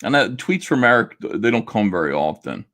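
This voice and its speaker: A man's voice: fairly low pitch, very animated, fairly quick, fairly bright tone. Blunt, indignant middle-aged man. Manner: indignant, blunt, swears, stammering restarts. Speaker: comic artist and YouTuber. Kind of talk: casual monologue to camera.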